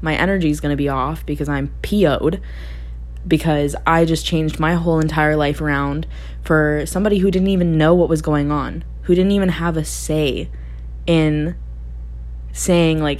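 A woman's voice: low voice, fairly even intonation, normal speed, a little mellow. A young woman talking candidly about her own life in a reflective monologue, laughing often and thinking aloud. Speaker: podcast host.

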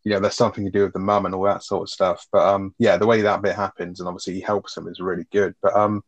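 A man's voice: deep voice, level tone, fast talker, muffled recording. A man chatting casually as a film podcast host, laid-back, swearing often and laughing easily. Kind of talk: casual film review chat.

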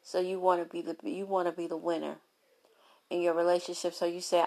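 Gravelly low-voiced woman, animated storyteller. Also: moderate pace. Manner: animated, lively storytelling with playful asides. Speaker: relationship speaker. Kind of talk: candid motivational talk.

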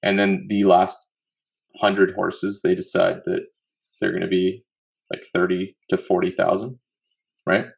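A man's voice: deep voice, level tone, a little slow, vocal fry, long pauses. A man co-hosting a podcast in casual chat, musing and working through numbers aloud. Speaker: podcast co-host.

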